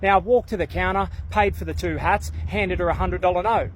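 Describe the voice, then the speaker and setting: A man's voice: high-pitched, brisk, slight background noise. A young man telling a story in a blunt, slangy way, swearing freely. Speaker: vlogger. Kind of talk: casual storytelling rant.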